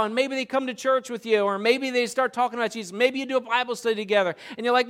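Male pastor, high-pitched, animated sermon storyteller. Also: fast talker, hardly any pauses, smooth. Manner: animated storytelling, acts out crowd voices.

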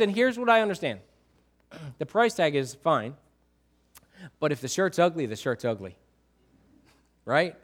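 Middle-aged male pastor, chatty sermon delivery, checks in with the crowd, slightly higher voice. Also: lively intonation, a little slow, pauses often. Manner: conversational, asks the congregation questions, repeats himself.

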